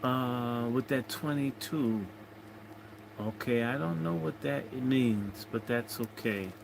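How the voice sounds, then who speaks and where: A man's voice: mid-range voice, takes it slowly, vocal fry, noisy background. A man hosting a casual livestream, rambling and joking as he reads out viewer comments. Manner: rambling, jokey, chatting to viewers. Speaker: livestream host.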